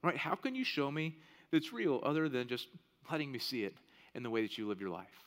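A man's voice: mid-range voice, expressive, a little fast. A man in his thirties preaching a sermon in a conversational way, often checking in with "right?". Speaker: pastor. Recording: long reverb of a large hall.

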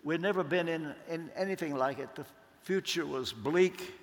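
A man preaching a sermon, slow and deliberate, leaning on emphatic pauses. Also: a little high. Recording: long hall reverb.

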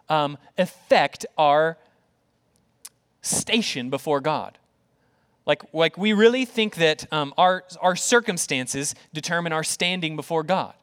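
Animated man preaching a sermon in a hall. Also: high voice. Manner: conversational, animated preaching with rhetorical questions. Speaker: pastor.

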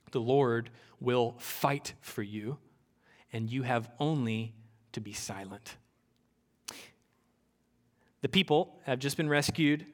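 A man preaching a sermon in an earnest, conversational way, often repeating words and pausing with fillers. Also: fairly high pitch, fairly bright tone, in a large hall. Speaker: pastor. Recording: music playing clearly behind the voice.

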